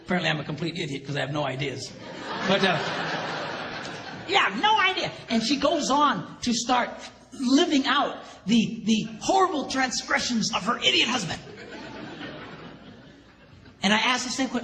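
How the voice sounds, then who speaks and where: A middle-aged man, a pastor, giving a humorous talk to an audience. He tells stories, acts out the dialogue and jumps into high squeaks. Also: lively intonation, normal speed, pauses often, bright, forceful tone. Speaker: pastor and speaker. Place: large hall with a live audience. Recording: echoey hall recording with audience noise.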